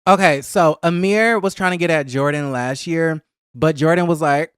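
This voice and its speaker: Gossipy man, smooth and clear, on a dry, close mic. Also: normal speed, no room sound. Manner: gossipy and animated, acting out cast members in a higher voice. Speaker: reality TV recap vlogger. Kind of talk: casual chat.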